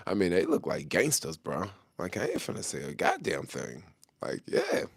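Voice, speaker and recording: A man's voice: sits low, huge pitch swings, a little slow, creaky, slightly rough, no room sound. A middle-aged man talking casually to the camera in loose, slangy street talk, chuckling often as he answers a viewer's question.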